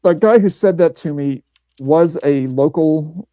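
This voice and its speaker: A man from Missouri rambles through an anecdote, circling back and restarting his sentences. His voice is mellow and dark, and the sound is dry and close. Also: a little high, a little slow, no echo, low-quality recording. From Missouri, USA. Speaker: podcast host. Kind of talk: casual chat.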